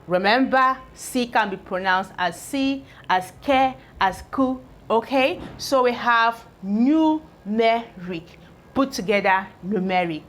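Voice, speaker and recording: At the board, a woman teaching English spelling sounds out each syllable in slow, stretched-out pieces as she assembles words. Her voice is fairly high and fairly bright, and she frequently checks that the learners are keeping up.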